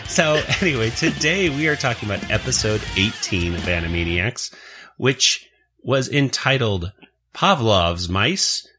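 A man hosts a casual podcast about a cartoon series, laughing often as he talks. His voice is bright and a little husky, with a lively, swinging pitch. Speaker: podcast host. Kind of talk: casual chat.

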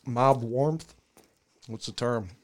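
A man's voice: mid-range voice, takes it slowly, a little hiss or hum. A man in casual livestream chat, wisecracking and swearing while eating.

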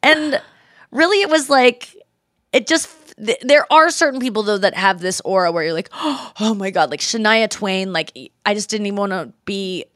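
A woman in her forties, a podcast host telling a story in casual chat, animated and slipping into quoted voices. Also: mid-range voice, moderate pace, no echo, studio quality.

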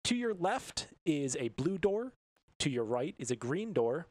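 A man's voice: on the high side, big pitch swings, measured pace, darkish tone, no echo. A man running a tabletop game as game master, explaining rules and describing rooms in an upbeat way, laughing between descriptions. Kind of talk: narrating a tabletop game on a podcast.

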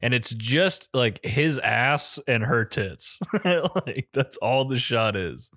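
A man's voice: mid-range voice, lively intonation, takes it slowly, fairly bright tone, no echo. Laid-back, swearing man, dry close sound. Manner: laid-back, profane, laughs often. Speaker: podcast co-host. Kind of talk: casual movie-review chat.

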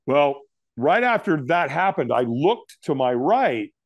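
A man's voice: takes it slowly, no room sound, lo-fi sound. A middle-aged man, a guest in an interview, telling a story and acting out what people said to him. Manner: animated, acts out quotes with big pitch jumps.

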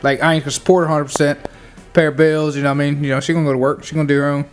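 A man talking fast in loose podcast banter. His voice sits a bit high, he trips over his own restarts, and faint music runs underneath. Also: level tone. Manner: laid-back, stammering restarts. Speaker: podcast co-host. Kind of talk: casual crude banter.

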